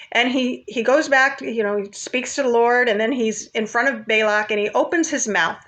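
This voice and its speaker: A woman's voice: on the high side, fairly quick, few pauses. A woman casually retelling a Bible story in a chatty, informal way, with asides to her viewers.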